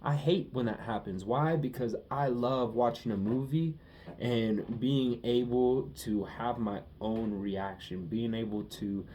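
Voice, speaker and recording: Young man, casual vlog monologue, emotional, cussing, repeats phrases, low mellow tone. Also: a little slow, slight background noise. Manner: emotional, profane, repeats himself. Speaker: vlogger.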